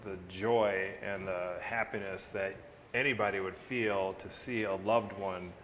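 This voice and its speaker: A man interviewing a guest on stage at a seminar, measured and affirming, in a large hall. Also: low-pitched, fairly even intonation, a bit bright, a little hiss or hum. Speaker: attorney, interviewer. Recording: long reverb of a seminar hall, faint audience.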